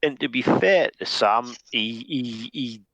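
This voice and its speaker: A man's voice: medium pitch, takes it slowly, a bit bright, dry recording, muffled recording. A man in casual podcast chat, his mid-range voice circling back on itself with ums and restarts as he works through a thought. The sound is dry, with no room in it. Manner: hesitant, many restarts and fillers. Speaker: podcast co-host.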